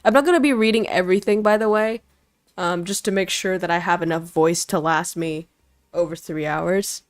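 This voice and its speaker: A woman's voice: lowish voice, moderate pace, no room sound, studio quality, soft background music. A young woman streaming a game live, chatting casually with her chat and reading story text aloud in a playful, talkative way. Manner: chatty, switches languages, greets chat playfully. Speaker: vtuber streamer.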